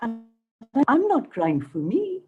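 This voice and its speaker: A middle-aged Indian woman tells her survivor's story with a husky, lowish voice. She speaks slowly and deliberately, and her pitch swoops widely as she acts out each exchange. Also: phone-quality sound, faint music behind. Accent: Indian English. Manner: animated, acts out dialogue, emphatic. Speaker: cancer survivor guest speaker. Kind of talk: motivational storytelling talk.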